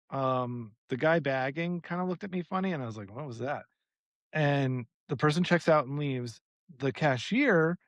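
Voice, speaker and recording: A man co-hosting a podcast, telling a long story in a casual, animated way, acting out the people in it and swearing freely. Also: fairly high pitch, no room sound. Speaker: podcast co-host.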